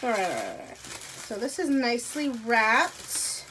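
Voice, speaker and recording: Gushing excitable woman vlogger. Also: on the high side, a little slow, noisy background. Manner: gushing, excitable, drops to breathy whispers. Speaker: unboxing vlogger. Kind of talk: casual unboxing chat. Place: carpeted room at home.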